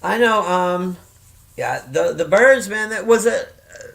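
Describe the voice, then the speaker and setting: A woman's voice: medium pitch, unhurried, gravelly. A woman in her fifties chatting casually on a vlog, rambling and swearing freely, often breaking into laughter. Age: 50s. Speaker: reaction vlogger. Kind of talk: casual chat.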